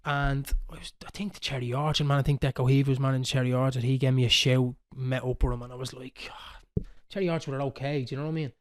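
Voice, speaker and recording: A man in his thirties with a Dublin Irish accent, telling a football story in casual chat on a podcast, animated and swearing freely. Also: mid-range voice, quick pace. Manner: animated, swearing, quoting others. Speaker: podcast host.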